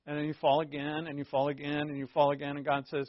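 An animated man preaching in a relaxed, conversational way, slipping into quick acted-out dialogues and chuckling as he goes. His voice sits fairly high for a man. The recording is dry and a little dull, as if on modest equipment. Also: dry recording. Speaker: pastor. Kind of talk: conversational sermon.

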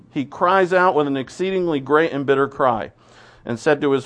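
A man's voice: on the high side, lively intonation, measured pace, vocal fry, fairly bright tone. Man teaching through a Bible passage. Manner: conversational, reads scripture aloud then comments, restarts and asides. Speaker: preacher.

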